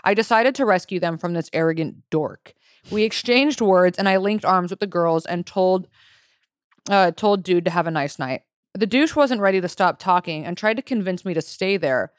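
Young woman podcast co-host, lower pitch, smooth clear tone, reads listener stories with joking asides, dry close sound. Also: expressive, normal speed, no echo. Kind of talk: casual chat.

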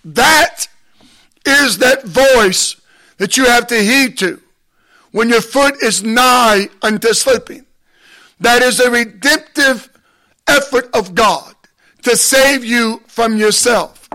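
High-voiced, slow, emphatic male preacher. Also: sharp tone. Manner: measured, emphatic preaching with deliberate pauses, rising to impassioned exhortation. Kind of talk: sermon.

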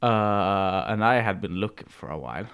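A man's voice: lowish voice, moderate pace, clean tone. Rambling storytelling man. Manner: rambling, animated storytelling with many restarts. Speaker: podcast co-host. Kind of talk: casual chat, storytelling.

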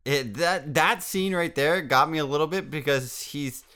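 A man co-hosting a casual book chat, easygoing and quick to agree, with dry remarks. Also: a little high, pushed and bright. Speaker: podcast co-host.

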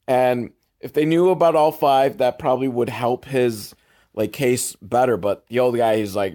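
A young man giving sarcastic, deadpan commentary on a film, exasperated and swearing, with sudden loud outbursts. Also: mid-range voice, moderate pace. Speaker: host riffing on a film.

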